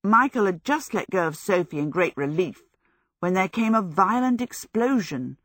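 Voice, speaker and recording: Her voice sits in the middle range as she narrates an audiobook at a measured, even pace. The studio sound is clean and dry.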